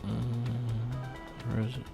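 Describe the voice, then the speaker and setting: A man's voice: mid-range voice, flat delivery, very slow, gravelly, music in the background. A man co-hosting a podcast, talking about a movie in a laid-back way and swearing casually. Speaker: podcast co-host. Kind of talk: casual movie review chat.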